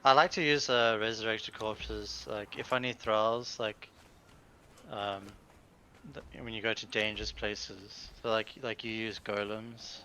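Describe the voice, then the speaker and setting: A man with a bright, clear tone and a mid-range pitch talks through his moves during a live game session. He hunts for words, leaning on "like" and "um" as he explains. A faint hiss runs behind him. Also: steady tone. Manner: halting, filler-heavy explaining. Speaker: co-player. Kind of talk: casual gaming stream chat.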